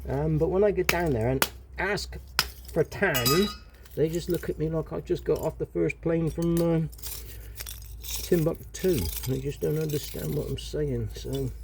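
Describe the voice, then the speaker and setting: Man, West Country accent, casual outdoor cooking chat, slightly high voice, wry muttered asides, faint background noise. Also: measured pace, gravelly. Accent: West Country English. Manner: chatty, rambling, wry asides, muttering to himself. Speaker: vlogger. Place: outdoors at a charcoal fire.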